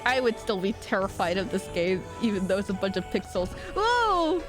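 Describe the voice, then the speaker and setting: A young woman streaming, chatting casually and excitably, swearing often and poking fun at herself. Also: mid-range voice, fast, music in the background.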